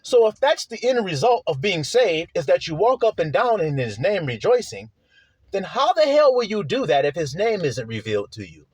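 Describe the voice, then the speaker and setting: A man's voice: high-pitched, very animated, moderate pace, breathy edge, no room sound. A man preaching a sermon, reading scripture aloud and breaking in with questions to his listeners, in a blunt, casual manner with slang and swearing, stretching out key words for emphasis.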